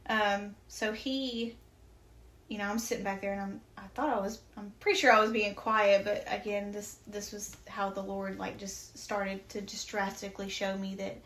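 A woman speaks at an ordinary middle pitch, recounting a personal story in a chatty, earnest way. She leans on fillers and returns often to her faith. The room around her is echoey. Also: level tone, moderate pace, a bit bright. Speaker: podcast guest.

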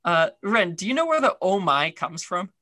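Bright-voiced man, chatty podcast host. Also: high voice, sing-song, moderate pace, no echo, studio quality. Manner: chatty, rambling, many fillers. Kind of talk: casual chat.

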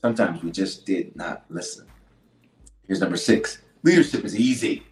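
A man, a bishop, preaching a leadership sermon. He repeats key lines for emphasis and swings from loud declarations to hushed asides. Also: sits low, lively intonation, normal speed. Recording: roomy echo with faint music.

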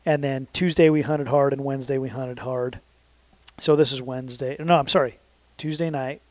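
A man's voice: medium pitch, steady tone, moderate pace, darkish tone, no room sound. A man in his thirties telling a long story in a casual, rambling way, correcting himself often and leaning on fillers. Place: southern Utah.

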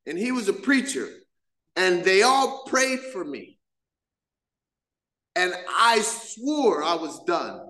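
Middle-aged guy telling his story at a meeting, does all the voices, kinda high, roomy hall sound. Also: very animated, slow, long pauses, pushed and bright. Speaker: main speaker at a recovery meeting. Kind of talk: personal testimony to a live audience.

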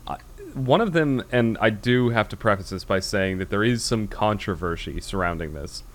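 A man's voice: lowish voice, moderate pace. An American man hosting a podcast, talking in a rambling, casual way with lots of restarts. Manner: rambling, with many fillers and restarts. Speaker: podcast host. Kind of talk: casual chat.

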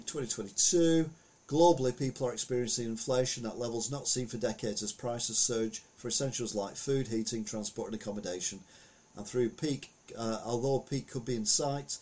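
A man's voice: medium pitch, normal speed, darkish tone. A man giving a casual, rambling commentary on the week's news, full of anecdotes and asides.

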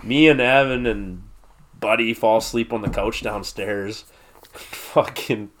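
A man's voice: lowish voice, takes it slowly, fairly bright tone, slight background noise. A man in his thirties, a podcast guest, telling a long rambling story in casual chat and swearing freely. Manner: rambling, heavy swearing, laughs through the story.

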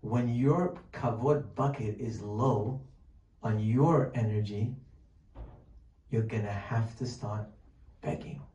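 Male preacher, mellow voice from a distance in a roomy hall, lively rhetorical delivery. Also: fairly low pitch, takes it slowly, pauses often. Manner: animated, rhetorical questions, acts out pleading voices. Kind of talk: sermon. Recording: distant mic, echoey room, faint noise.

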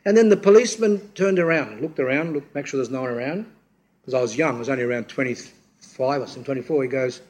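A man's voice: medium pitch, quick pace, a little mellow. Rambling man giving a sermon. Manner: rambling storyteller, acts out quotes, frequent restarts. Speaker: speaker at a church talk. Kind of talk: informal sermon.

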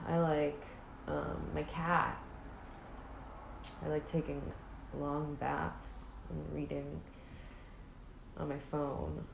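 Her voice is low and gravelly, her tone level, and she draws out her words with long pauses between them. This young adult woman hosts a solo podcast in a casual, rambling, self-mocking, jokey style, recorded in a roomy space with faint hiss.

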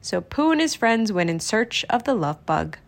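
A woman narrating a children's storybook read-aloud in an expressive, storytelling manner. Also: mid-range voice, moderate pace.

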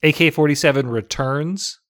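Co-hosting a casual movie-review podcast, a man speaks at a moderate pace in a high-ish, fairly bright voice, recorded dry at studio quality. He laughs often and acts out lines from the film.

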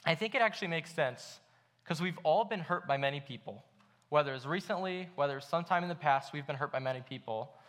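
A man's voice: a little high, fast talker, a bit bright. A young man giving a casual sermon at church, telling a story in a chatty way with lots of fillers. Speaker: pastor. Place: church hall.

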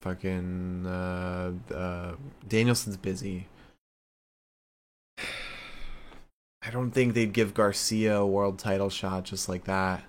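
A man's voice: deep voice, steady tone, very slow, pauses often. A man giving a casual wrestling recap, rambling with many fillers and frequent swearing.

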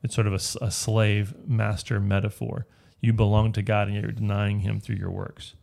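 Male Bible teacher, low gravelly voice, conversational and explanatory. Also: level tone, normal speed, darkish tone. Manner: explanatory, checks in with frequent "right?". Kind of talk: casual Bible study teaching.

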